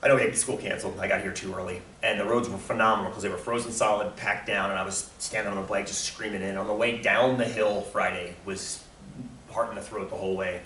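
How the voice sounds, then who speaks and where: A man's voice: on the low side, fairly bright tone. Man, teacher, casual lecture, encouraging, distant mic, roomy echo, faint background hum. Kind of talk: classroom lecture with questions to students. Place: classroom. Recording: echoey classroom from far off.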